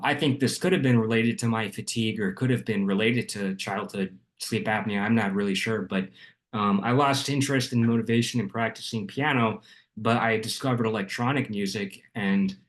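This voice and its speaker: A young man from Arizona, a music producer guest, explaining his background in a measured, steady way with frequent ums. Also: on the low side. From Arizona, USA. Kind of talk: casual interview.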